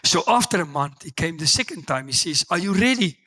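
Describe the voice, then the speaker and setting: Man, South African accent, pastor, storytelling sermon, exclaims, very expressive pitch. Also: fairly quick. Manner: animated storytelling, acts out dialogue, exclaims loudly. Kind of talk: sermon with personal stories.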